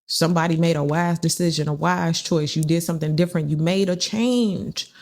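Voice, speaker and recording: A woman speaks a little fast in a low, steady, slightly mellow voice. Her tarot reading is casual and spiritual, and she tends to chat, repeat phrases, and perform the people she quotes.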